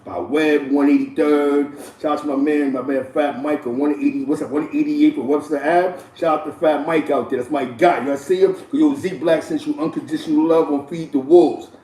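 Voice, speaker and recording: A New man hosts his own show, spinning street history in loose slang and stopping often for shout-outs. His voice sits a little high yet mellow. He is heard slightly off-mic in an echoey room. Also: steady tone, moderate pace, few pauses, far from the mic. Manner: loose, repetitive slang-heavy delivery with frequent shout-outs. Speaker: host. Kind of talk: casual street storytelling commentary.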